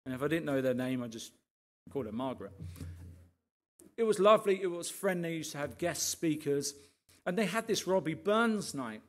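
Male pastor, testimony talk: a slightly high voice, a chatty, lively storyteller who keeps asking the room questions. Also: moderate pace, long pauses. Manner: lively storyteller who often checks in with the listeners.

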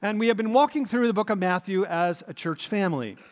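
A man's voice: high-pitched, fairly quick, long reverb tail. A man preaching a sermon as pastor, telling the story dramatically and repeating his key points.

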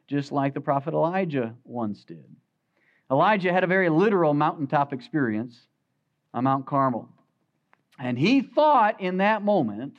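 A man preaching a sermon as pastor, swinging from loud emphatic peaks to quiet, low asides. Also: dull audio.

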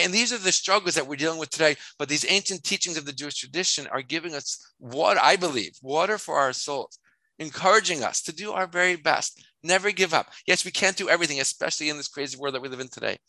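A man teaching a class as a rabbi, expressive and conversational, full of rhetorical questions and asides. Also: a little high, fast talker, no room sound, rough recording. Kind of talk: animated online lecture.

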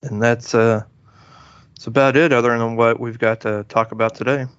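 A man's voice: medium pitch, normal speed, clear, resonant tone, dry recording. A man hosting a podcast, chatting casually through a movie review with many fillers and restarts. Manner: relaxed, rambling, lots of fillers and restarts. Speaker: podcast host. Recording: dull lo-fi dry recording.

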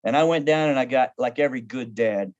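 A man's voice: mid-range voice, fast talker. Man in his fifties, pastor and counselor, humorous storyteller, slightly dull lo-fi sound. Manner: humorous, animated, acts out quoted voices. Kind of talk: conversational storytelling on a podcast. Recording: dull lo-fi audio.

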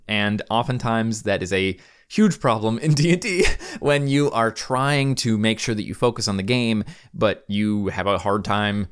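A man's voice: fairly low pitch, smooth. A man hosting a podcast and giving tabletop game advice in a chatty, upbeat monologue, with casual slang and frequent ums. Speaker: podcast host and game master.

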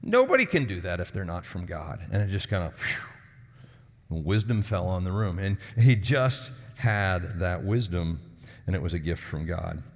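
A man's voice: low voice, normal speed, creaky. A man preaching a sermon as lead pastor, talking in a conversational, storytelling way and acting out the people in his stories. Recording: long hall reverb.

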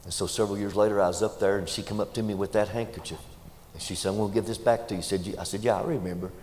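A man preaches in a very deep voice, telling folksy stories with lively delivery. His words echo through a large reverberant hall, with faint ambience behind him. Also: rapid-fire, a little hiss or hum. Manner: folksy, animated anecdotes. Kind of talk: sermon storytelling.

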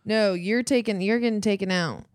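An American woman co-hosting a casual podcast, bantering playfully with crude jokes and quick laughs. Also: mid-range voice, no echo, studio quality. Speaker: podcast co-host.

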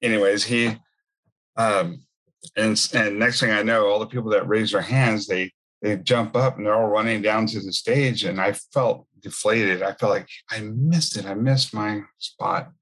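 A man's voice: fairly low pitch, fairly even intonation, a little slow, a bit bright. A man giving a personal faith testimony in a conversational storytelling way, full of asides. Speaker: speaker sharing his testimony.

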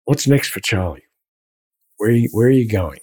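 A man's voice: on the low side, lively intonation, normal speed, darkish tone, husky. A man interviewing a guest, asking short, encouraging questions. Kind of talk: casual interview.

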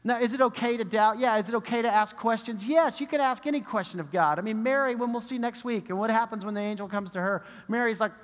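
High-voiced animated male pastor. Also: quick pace, hardly any pauses, big-room sound. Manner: animated, acts out quoted voices, chuckles. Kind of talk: sermon.

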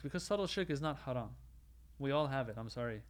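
A man giving a religious lecture, explaining step by step, asking questions and answering them himself, and reciting Arabic quotations quickly. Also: medium pitch, big pitch swings, fairly bright tone. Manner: explanatory, asks and answers his own questions.

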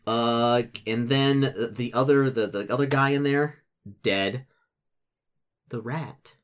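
A man's voice: medium pitch, slight background noise. A man narrating a tabletop game as its game master. His talk rambles, full of fillers and restarts, and he laughs often as he describes what happens. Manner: rambling, lots of likes and restarts, laughs a lot.

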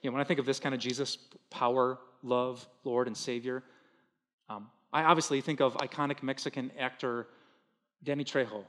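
A man's voice: mid-range voice, steady tone, normal speed. Earnest man preaching in a big hall. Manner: earnest, with sudden loud emphatic bursts and soft hushed drops. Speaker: pastor. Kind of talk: sermon.

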